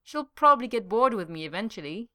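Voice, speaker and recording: A woman reading aloud and voicing a shy, modest young office worker who speaks gently with quiet glee. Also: medium pitch, animated, fast, pitched above the performer's own voice. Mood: smug, mild. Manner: gentle, modest, faintly gleeful. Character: smug mild young man, shy office mate.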